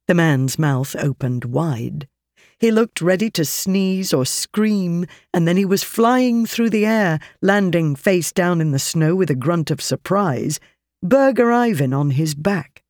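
Audiobook narrator, mid-pitched, steady, dry close recording. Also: a little slow, dry recording. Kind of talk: scripted narration.

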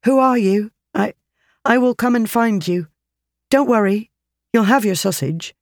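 Narrator doing a flustered, placating young woman, lifted a touch in pitch. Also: a little slow, no echo, clean studio sound. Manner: hesitant, apologetic.

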